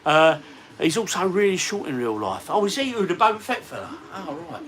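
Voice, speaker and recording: A matey man in his forties chats on a livestream from his games room, his voice bright and lively as it swings up and down. He sits some way from the mic, with faint background hiss around him. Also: high voice, brisk. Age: 40s. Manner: chatty, matey, reads out viewer comments. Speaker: retro gaming vlogger. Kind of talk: casual livestream chat. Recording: distant mic with faint ambient noise.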